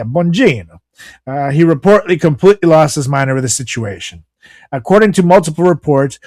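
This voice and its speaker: A man's voice: a little high, no echo. Profane ranting podcast man. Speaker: podcast co-host. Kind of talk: casual podcast commentary.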